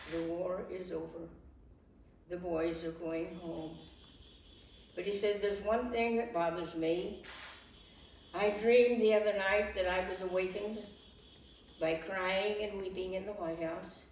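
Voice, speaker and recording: A woman in her nineties playing a fretful Civil War-era first lady in a first-person monologue, halting and often restarting her words. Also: fairly low pitch, a little mellow. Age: 90s. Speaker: historical portrayer. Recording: echoey room from far off, faint noise.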